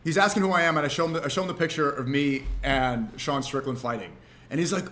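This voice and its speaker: Chatty guy streamer, slightly higher voice, rambling story with restarts. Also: quick pace. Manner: animated, rambling, frequent restarts. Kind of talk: casual storytelling on a livestream.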